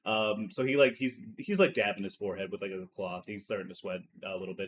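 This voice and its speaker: A man's voice: on the low side, fast, few pauses, a little hiss or hum. A man running a tabletop role-playing game as game master, rambling with many fillers and laughing often.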